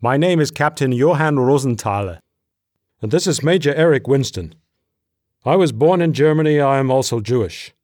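A man voicing a tall, formal, German-born male intelligence officer who speaks crisply and stiffly. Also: medium pitch, lively intonation, moderate pace, a little mellow, no room sound, clean studio sound, pitched above the performer's own voice, lightly acted.

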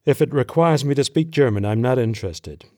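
A man's voice: medium pitch, lively intonation, fairly quick, a little mellow, dry recording, natural voice. A man voicing a tired, hungry young male corporal with a dry, guarded way of answering.

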